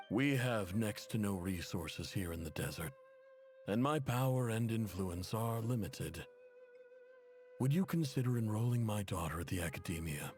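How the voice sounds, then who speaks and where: A proud desert tribe chief and anxious father, voiced by a man, speaking in an earnest, pleading way. His voice sits low but moves widely through its pitch. The game audio carries a long, hall-like reverb. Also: a little mellow, close to an everyday voice.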